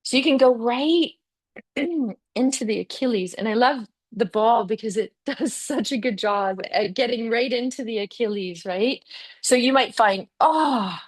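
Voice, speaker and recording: A woman's voice: on the high side, unhurried. Chatty, encouraging woman yoga teacher. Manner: chatty and encouraging, with frequent "yeah" and "okay". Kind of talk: guiding a live yoga class.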